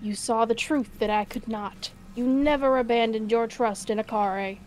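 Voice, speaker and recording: A woman's voice: a little high, steady tone, normal speed, a little mellow, slight background noise, pitched below the performer's own voice, lightly acted, poor audio. A woman voicing a brusque male commander with a partial Southern US accent. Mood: contrite. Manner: brusque, barking orders. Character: gruff male military commander.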